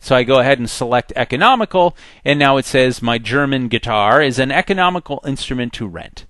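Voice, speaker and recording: A man teaching a software tutorial in a conversational, step-by-step way. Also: medium pitch, lively intonation, fairly quick, no echo. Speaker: software instructor. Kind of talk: screen-recorded tutorial.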